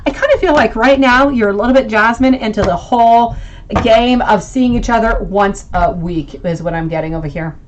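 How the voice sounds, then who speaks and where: Reading tarot live for her audience, a woman speaks at a normal speed in a slightly high voice, and the audio sounds dull. She's affectionate, calls her viewers sweetie, and thinks out loud as she goes.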